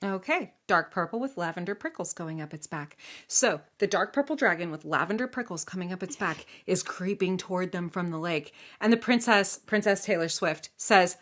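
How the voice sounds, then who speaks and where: A woman's voice: on the low side, moderate pace, hardly any pauses, fairly bright tone. Woman narrating a legend to a kid, playful and chatty, easy and unscripted. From United States. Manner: chatty, playful, with asides and questions. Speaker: storyteller. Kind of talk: casual storytelling to a child.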